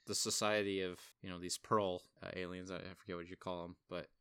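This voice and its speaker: Animated young man with a smooth low voice. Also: fairly quick, dry recording, clean studio sound. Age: young adult. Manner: animated, acts out his own reactions with big jumps in pitch. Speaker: podcast co-host. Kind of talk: casual film review chat.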